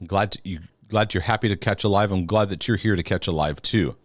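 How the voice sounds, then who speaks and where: A man's voice: low voice, brisk, no echo, clean studio sound. A man hosting a live-streamed Q&A, chatting casually with viewers, laughing often and restarting his sentences. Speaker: host of a live Q&A.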